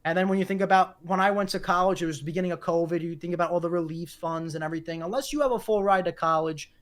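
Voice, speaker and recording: A man, a guest on a podcast over a video call, rambling fast with repeated words and casual swearing. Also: high voice. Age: 20s. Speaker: guest content creator.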